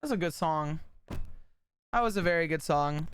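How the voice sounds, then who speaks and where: A woman's voice: low voice, lively intonation, moderate pace, clean tone. A woman livestreaming, chatting casually with her viewers in a blunt, rambling way and swearing often. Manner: blunt, swears a lot, rambles and talks to chat.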